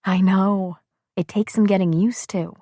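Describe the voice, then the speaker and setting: A woman voicing a kind young mother who speaks gently and patiently. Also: mid-range voice, steady tone, unhurried, dry recording, clean studio sound, natural voice. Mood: gentle.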